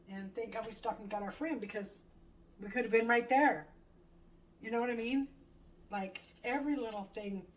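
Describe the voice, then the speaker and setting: A middle-aged woman chatting casually in her home kitchen while she cooks, telling a story with animated quoted lines and the odd swear. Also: medium pitch. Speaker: home cooking vlogger. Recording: distant mic, faint room noise.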